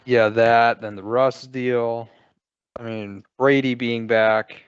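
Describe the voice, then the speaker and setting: Laid-back man with a smooth voice. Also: mid-range voice, little pitch movement, slow pace, no room sound. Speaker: podcast guest. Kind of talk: casual sports chat. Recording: dry, dull lo-fi audio.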